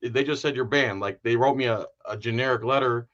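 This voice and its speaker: A mid-pitched man from Florida hosts a casual interview and tells his own story bluntly, hitting key words hard. His voice comes through dull, lo-fi stream audio. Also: fairly quick, a bit bright. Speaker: host.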